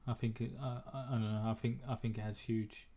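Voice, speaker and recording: A man's voice: medium pitch, little pitch movement, brisk, warm tone. Blunt man in casual trading chat. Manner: blunt, repeats words while thinking. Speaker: trader and moderator. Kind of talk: casual group discussion.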